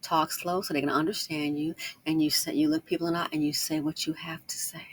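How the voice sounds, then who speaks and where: A woman giving casual online commentary, talking fast and slangy and repeating points for emphasis. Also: low-pitched, flat delivery, a little hiss or hum. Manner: talks fast, tries to slow herself down. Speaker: YouTube commentator.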